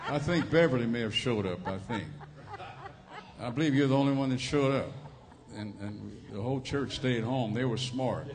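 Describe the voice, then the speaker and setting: A man with a Cajun accent delivers a sermon from a church pulpit, folksy and joking, often repeating himself. His voice sits in a middle pitch. The church microphone carries a long, reverberant hall echo. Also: moderate pace. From Louisiana Cajun country. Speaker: visiting preacher. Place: church sanctuary.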